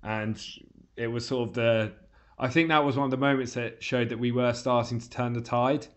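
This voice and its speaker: A man with a voice of ordinary pitch hosts a relaxed fan podcast. He muses over past matches. He hands the talk on to his co-hosts. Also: moderate pace, dull audio. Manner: reflective, steers the conversation. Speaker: podcast host. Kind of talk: casual fan podcast chat.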